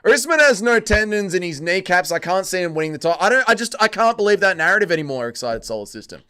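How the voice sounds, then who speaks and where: A man's voice: high-pitched, sing-song, quick pace, sharp tone, clean tone. A man hosting a livestream, reading chat aloud and joking crudely. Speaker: livestream host.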